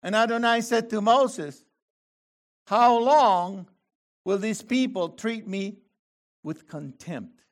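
Animated man preaching, high lively voice. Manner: animated, reads scripture slowly then bursts into loud exclamations. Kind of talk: sermon.

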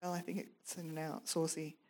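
A woman reading scripture aloud in a steady, measured way during a Bible study. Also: low-pitched. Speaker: scripture reader.

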